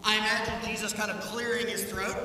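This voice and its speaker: A man preaching a sermon as pastor, animated, acting out the voices he quotes, in a church sanctuary. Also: high-pitched, background noise. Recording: echoey church hall, heard from a distance.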